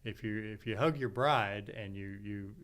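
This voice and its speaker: A man hosting a faith podcast, speaking in a calm, measured, affirming way during a casual interview. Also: lowish voice. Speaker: podcast host.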